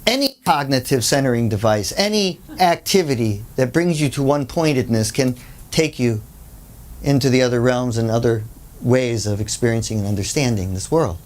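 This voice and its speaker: Speaking at a moderate pace in a medium pitch, a workshop presenter tells an anecdote as a conversational storytelling lecture. Asides abound, and the speaker animatedly acts out the people in the tale.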